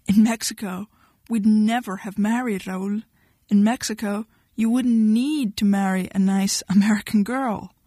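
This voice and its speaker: A woman's voice: mid-range voice, steady tone, measured pace, dry recording, clean studio sound, close to an everyday voice. A woman reading a blunt, cold young woman. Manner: sharp, dismissive, impatient.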